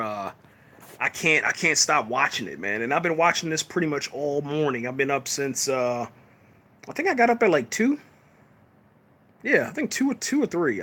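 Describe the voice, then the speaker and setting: A man's voice: medium pitch, a bit bright. A man casually reviewing a TV episode on a live stream, laid-back and loose, often tacking "man" onto his sentences. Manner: laid-back, peppers talk with "man" and fillers.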